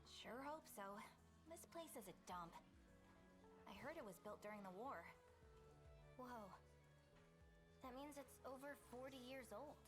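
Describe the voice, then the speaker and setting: Brief: brash high-voiced tomboy, bouncy delivery, loud game music behind. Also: female voice, expressive, unhurried, long pauses. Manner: blunt, breezy, casual. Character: brash tomboyish teenage schoolgirl, blunt. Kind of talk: anime game voice dub.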